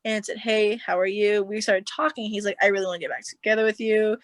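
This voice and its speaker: A young woman telling a long personal story on a podcast, animated and quick to act out what others said, with lots of filler words. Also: medium pitch, no room sound. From United States. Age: young adult. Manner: animated storyteller, acts out quotes, says like a lot. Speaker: podcast guest. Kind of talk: casual storytelling chat.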